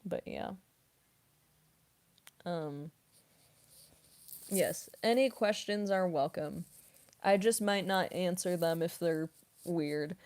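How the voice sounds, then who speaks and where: Young woman streamer, somewhat low voice, unhurried, laid-back Q&A chatter. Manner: relaxed and rambling, many fillers, laughs often, eating while talking. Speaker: streamer and voice actress. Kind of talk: casual stream Q&A chat.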